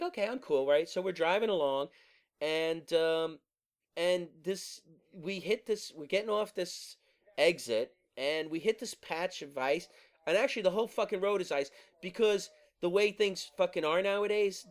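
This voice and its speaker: Profane, high-voiced ranting man. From New Jersey. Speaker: podcast host. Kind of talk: casual ranting monologue.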